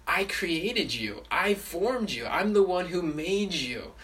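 A big, friendly woodworker, as a man puts him on, speaks in slow, calm, reassuring words. His voice sits fairly high for a man and sounds set back from the microphone. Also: far from the mic, heavily acted.

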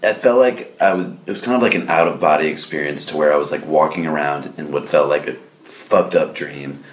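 A man from New Orleans, a podcast guest calmly recounting a story in casual chat. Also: very deep voice, brisk. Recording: echoey room with faint noise.

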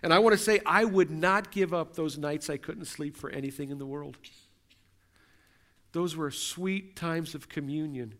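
Preaching to his congregation, a middle-aged pastor uses a somewhat bright, higher-pitched voice at a normal speed. His earnest delivery builds by returning again and again to rhetorical questions.

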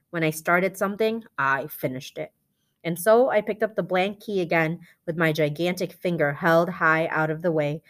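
A woman reading a children's novel aloud in a steady, clear storytelling delivery. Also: fairly low pitch. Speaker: read-aloud reader.

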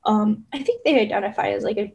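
A woman from Southern Indiana, a therapist guest, talking casually in a soft, rambling way with many hesitant fillers. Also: medium pitch, fast talker, vocal fry. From Southern Indiana, USA. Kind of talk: casual conversation.

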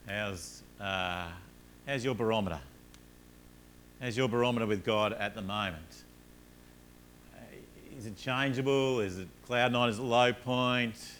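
A man preaching a sermon, telling everyday stories with rising energy, then dropping low and soft to make his points. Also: unhurried, pauses often, a little hiss or hum. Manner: earnest, rises animatedly in stories, drops low and soft on points. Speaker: pastor.

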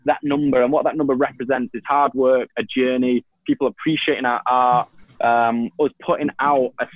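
The clip has phone-quality sound with no echo, carrying a man's medium-pitched voice with a steady tone at normal speed. He's a YouTuber from Manchester, England, with a Mancunian accent, guesting on a talk show and telling laid-back, rambling stories packed with ums and restarts.

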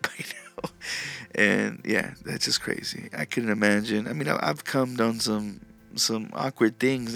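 A man's voice: mid-range voice, gravelly, a bit bright. A man hosting a solo podcast, rambling crudely in a casual monologue and often cutting himself off. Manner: crude, rambling, self-interrupting. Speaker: podcast host.

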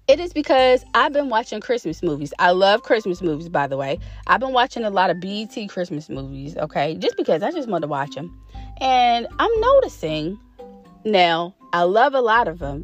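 A woman vlogger chatting casually to her viewers, animated and drawn out on the words she stresses. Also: medium pitch.

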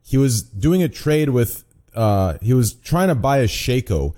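A man's voice: mid-range voice, animated, measured pace, warm tone. A young man in casual group chat, telling an exasperated story full of swearing.

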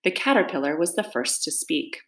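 A woman reads a children's storybook aloud, her pitch swinging in a lively, animated way. She narrates with an expressive storyteller's manner. The room around her is echoey. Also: moderate pace. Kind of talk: reading a children's book aloud.

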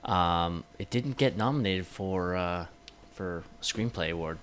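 A man's voice: low-pitched, unhurried, a bit bright, slight background noise. A man co-hosting a movie podcast, talking in an enthusiastic, casual way and swearing freely. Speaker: podcast co-host. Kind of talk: casual chat.

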